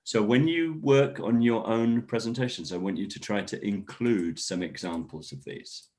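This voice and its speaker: A man teaching an online English workshop, encouraging learners and modeling sentences with clear stress. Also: on the low side, normal speed, a little mellow. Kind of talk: online class instruction.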